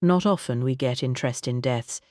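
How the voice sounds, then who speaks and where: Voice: medium pitch, moderate pace, a little mellow, dry recording, clean studio sound, close to an everyday voice. A narrator voicing a blunt working-class ambulance man. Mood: matter-of-fact. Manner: blunt, dialect speech.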